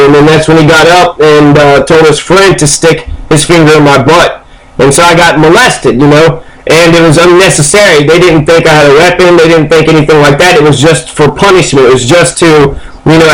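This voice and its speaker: Brief: man with a slightly raised pitch, hesitant, casual news-commentary delivery, full of fillers. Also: steady tone, brisk, rough recording. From Kentucky. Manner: reads news passages aloud, then rambles through his reactions; hesitant, with frequent ums and uhs.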